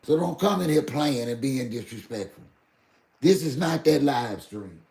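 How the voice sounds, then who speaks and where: A man's voice: mid-range voice, animated, a little slow, creaky, darkish tone, reverberant. An older man, talking heatedly and directly to his live stream chat. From Southern US. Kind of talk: emotional live stream talk.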